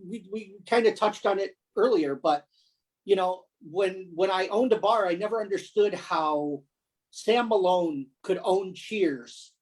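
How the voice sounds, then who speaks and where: A man co-hosting a casual podcast, talking in a rambling, halting way with many restarts. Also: high voice, a little mellow, rough recording. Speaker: podcast co-host. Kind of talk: casual chat.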